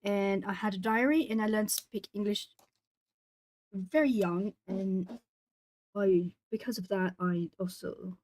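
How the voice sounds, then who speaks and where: A woman's voice: mid-range voice, a little slow, darkish tone, dry recording. A young woman from Brazil, a Portuguese native speaker, chatting casually on an art stream while colouring and reading out chat. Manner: chatty, rambling, reads chat aloud.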